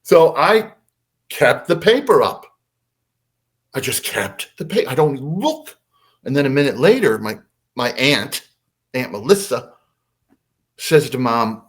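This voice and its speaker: Older man telling a lively story. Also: medium pitch, slow, pauses often. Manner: animated, acts out voices in his anecdotes. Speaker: podcast guest. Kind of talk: casual storytelling.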